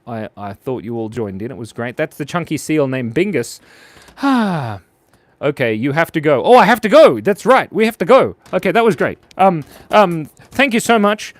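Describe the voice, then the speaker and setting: A goofy man hosting a live stream, his voice leaping around with lively, bouncing intonation. He chatters playfully to viewers while he draws. The sound is close and dry, with no room echo. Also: mid-range voice. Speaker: live-stream drawing host. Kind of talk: casual live-stream chat while drawing.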